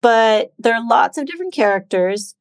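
A woman's voice: a little high, normal speed, dry recording. A woman co-hosting a bookshop podcast, chatting casually about books with lots of "um" and "like". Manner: chatty, relaxed, many "um"s and "like"s. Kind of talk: casual book chat.

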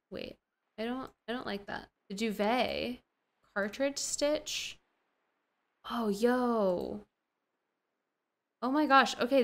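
A woman's voice: on the high side, fairly bright tone. A young woman casually commenting on a building game as she plays, gushing and gasping with delight, talking to herself in slangy asides. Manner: slang-heavy, talks to herself while playing. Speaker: gaming streamer.

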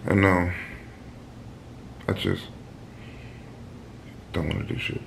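A sleepy young man mumbles lazy slang from off to the side of the mic. His voice is very deep and gravelly, with lively rises and falls in pitch. Loud background noise sits under everything he says. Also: slow. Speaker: vlogger's boyfriend.

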